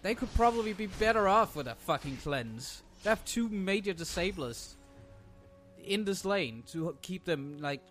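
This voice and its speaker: A man's voice: sits high, animated, moderate pace, a bit bright, soft background music. A young man commenting casually on his own gameplay, sarcastic and ranting, swearing freely.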